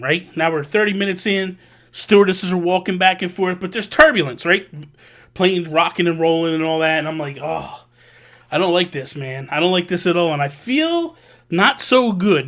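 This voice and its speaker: Bright-voiced animated man telling a story. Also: high voice. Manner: animated, with casual slang and acted asides. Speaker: vlog host. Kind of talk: storytelling to camera.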